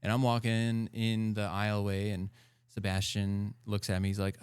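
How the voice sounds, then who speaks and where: A man talking as a podcast guest in casual chat, animated and full of fillers and laughs, close to the mic. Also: on the low side, moderate pace, smooth, no room sound.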